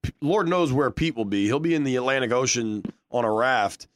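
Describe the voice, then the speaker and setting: A man's voice: mid-range voice, animated, a little fast, dry recording. Joking man hosting a dry-sounding podcast. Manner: joking, teasing co-hosts. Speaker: podcast host. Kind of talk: casual sports podcast chat.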